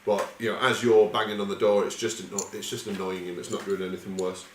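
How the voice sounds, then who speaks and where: Casting: low-voiced man as a chatty game master, in an echoey room with faint hiss. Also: flat delivery, fast talker. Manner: rambling, casual, swearing freely. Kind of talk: narrating a tabletop game.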